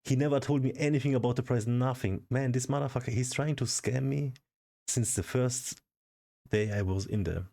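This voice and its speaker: A man's voice: mid-range voice, normal speed, gravelly, mellow. A man vlogging in a casual, frustrated rant full of swearing. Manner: frustrated, profane ranting. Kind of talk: casual ranting vlog.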